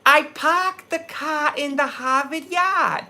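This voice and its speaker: A man's voice: very high-pitched, bright, forceful tone, pitched above the performer's own voice, full character voice. A man doing a drawling Boston-accent guy. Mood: mocking. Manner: slow, drawn-out teasing mimicry.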